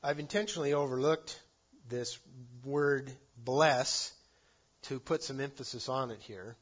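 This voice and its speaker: A man preaching a sermon, earnest, rising to loud emphasis and dropping to soft endings. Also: medium pitch, unhurried, muffled recording. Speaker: pastor.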